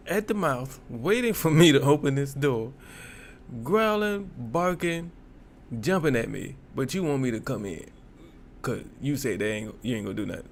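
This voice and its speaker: A male reaction host giving casual, joking commentary, laughing and telling an animated story. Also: a little high, unhurried, a little hiss or hum.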